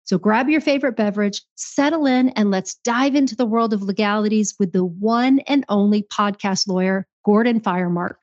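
A woman's voice: mid-range voice, normal speed, hardly any pauses, darkish tone, highs cut off. A woman hosting a podcast interview, asking questions in an upbeat, inviting way. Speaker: podcast host.

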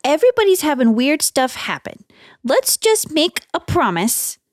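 High, animated woman at a game table. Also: moderate pace, dry recording, studio quality. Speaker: player.

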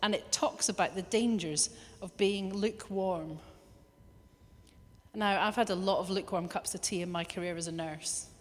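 A woman preaching a lively sermon, now and then acting out little quoted voices. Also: fairly low pitch, moderate pace. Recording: long hall reverb.

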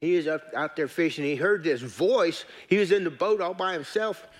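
A man's voice: on the high side, moderate pace. A man preaching a sermon in church, folksy and joking but earnest. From United States. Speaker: pastor.

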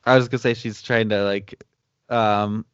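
A man's voice: fairly low pitch, steady tone, normal speed, fairly bright tone, smooth, dry recording, highs cut off. A man co-hosting a casual movie recap chat, laid-back, with ums and laughs. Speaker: podcast co-host.

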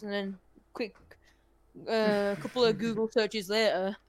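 Animated man telling stories with a faint hiss. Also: sits high, measured pace. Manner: animated storyteller, self-mocking. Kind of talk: casual chat.

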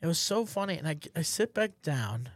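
A man's voice: on the high side, brisk, no room sound, studio quality. A young man co-hosting a podcast, telling crude, joking stories in casual chat. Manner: crude, joking, animated storyteller. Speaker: podcast co-host.

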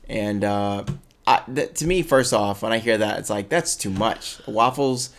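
A man's voice: lowish voice, measured pace. A man casually chatting as a podcast co-host, rambling and laughing often. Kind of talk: casual chat.

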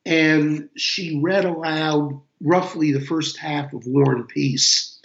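An older man, an interview guest, speaking slowly and thoughtfully with soft chuckles. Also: on the high side, fairly even intonation, creaky. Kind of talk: casual interview chat. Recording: echoey, dull lo-fi room sound.

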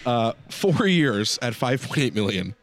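A man's voice: medium pitch, big pitch swings, measured pace. A man co-hosting a casual sports chat, dry and sarcastic, often hesitating with fillers. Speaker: podcast co-host.

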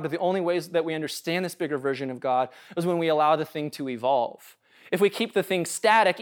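The voice is high and clean as a male pastor preaches in a casual, conversational way. Jokes come often, and he repeatedly turns to the room with "right?"

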